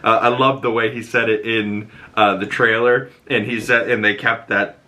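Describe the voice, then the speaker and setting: A man with a bright, forceful voice talks through a TV episode as the show's host. His delivery is loose and conversational, full of rambling asides and quick "you know what I mean" check-ins. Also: on the low side, steady tone. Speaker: show host reviewing a TV episode. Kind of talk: casual recap and reaction.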